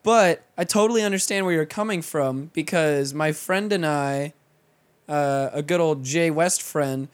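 A man's voice: fairly high pitch, unhurried, clean tone. A young man hosting a home podcast, talking in a laid-back, profane, chatty way. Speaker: podcast host. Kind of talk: casual podcast chat.

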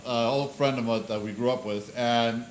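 A man co-hosting a casual podcast chat, telling stories with lively acted-out quotes. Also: mid-range voice, moderate pace, a little hiss or hum. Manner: animated storyteller who acts out quoted voices. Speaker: podcast co-host. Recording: echoey room.

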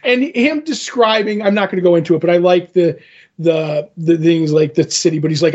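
A man's voice: sits high, brisk, a little mellow, muffled recording. A man co-hosting a podcast, recapping a comic book issue in a casual, rambling way with many fillers. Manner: retells a comic with filler words and restarts. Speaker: podcast co-host.

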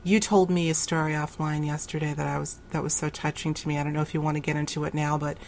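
A woman's voice: sits low, little pitch movement, fast talker, darkish tone, slight background noise. A woman hosting an interview, asking reflective, probing questions. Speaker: host.

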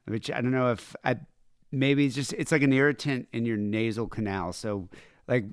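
A man hosting a podcast, chatting casually in a relaxed, rambling way. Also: medium pitch, no echo, clean studio sound. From United States. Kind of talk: casual chat.

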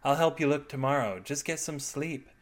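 A tired, patient wife who answers calmly and dryly, as a man reading the story puts her on. Her lines come soft and a bit slow. It is an audio fiction reading with a deadpan comic tone. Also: on the high side, close to an everyday voice. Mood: weary.

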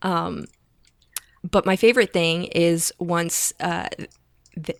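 A woman's voice: lowish voice, fairly even intonation, slow, creaky, no room sound, clean studio sound. A woman co-hosting a casual chat, gushing with enthusiasm and leaning on lots of fillers. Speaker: podcast co-host.

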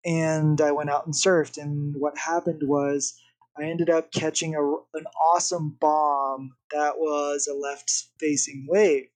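A young man, a podcast guest, telling a story in a casual, animated way. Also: a little high, slow pace. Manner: animated, vivid retelling with acted-out quotes.

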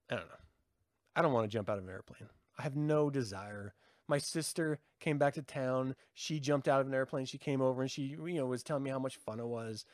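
In a dry, clean studio recording, a middle-aged livestream host rambles and jokes casually with his viewers. He laughs often, and his animated delivery jumps around in pitch.

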